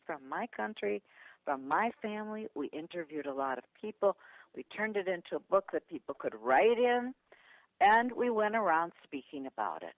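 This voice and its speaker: Older Midwestern woman guest, very lively pitch, heard over a muffled line. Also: no echo. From Milwaukee, USA. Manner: lively, dramatic shifts of pitch and voice when retelling. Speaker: guest speaker and author. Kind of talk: animated storytelling interview.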